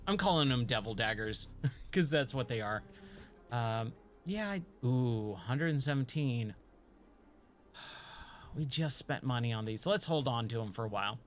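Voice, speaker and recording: A man's voice: mid-range voice, animated, unhurried, pauses often, faint music behind. A man streaming a video game, chatting and joking to himself and his viewers as he plays. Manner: chatty, joking, talks to himself while playing. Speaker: gaming streamer. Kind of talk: casual let's-play commentary.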